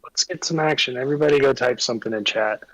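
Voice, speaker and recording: A man's voice: medium pitch, fast, no echo, poor audio. A man co-hosting a casual livestream chat, swearing freely and laughing as he tells stories. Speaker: livestream co-host.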